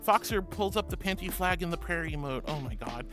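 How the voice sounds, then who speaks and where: A woman's voice: lowish voice, animated, fairly quick, over music. A woman VTuber streamer in casual live-stream chat, playful and affectionate, giggling as she greets viewers and reads their messages aloud.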